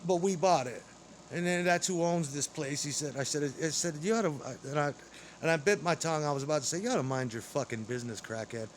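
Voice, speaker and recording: A man's voice: a little high, quick pace, a little hiss or hum. A man delivering an angry, rambling, profane monologue straight to camera.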